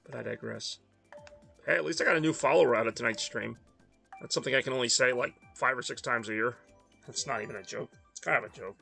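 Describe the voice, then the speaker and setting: A man's voice: mid-range voice, fast, vocal fry, pushed and bright, faint music behind. A man from the Northeast US, tired and rambling in casual chat while streaming a racing game. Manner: rambling, self-deprecating, mumbly asides.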